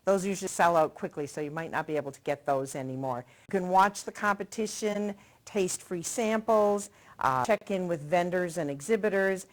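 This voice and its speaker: A woman's voice: fairly low pitch, normal speed. A middle-aged woman hosting a local TV cooking segment, chatting in a friendly, promotional way while she tastes the food. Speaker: TV show host. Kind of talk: casual cooking segment chat.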